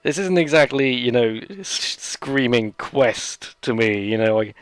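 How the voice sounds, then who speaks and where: A man's voice: mid-range voice, measured pace, clean tone, no room sound. A man hosting a let's play, giving rambling, sarcastic gameplay commentary full of jokey asides.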